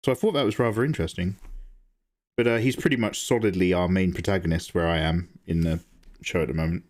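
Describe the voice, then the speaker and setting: A man hosting a live drawing stream, chatting casually and reacting to viewer messages, laughing often. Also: fast talker. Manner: chatty, animated, laughs often, jumps to high pitch when excited. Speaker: art livestream host. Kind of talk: casual chat while drawing, reading chat.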